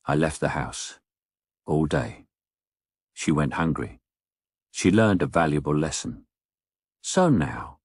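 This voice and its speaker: A middle-aged man narrates a comic monologue with a voice pitched very low. His delivery is wry and deadpan, with mock-indignant asides, and his voice is close and dry in a room with no echo.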